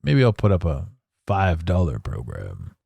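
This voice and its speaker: A man hosting a solo podcast monologue, animated and theatrical, swearing now and then. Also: low-pitched, unhurried, creaky, husky, dry recording, dull audio. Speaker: podcast host.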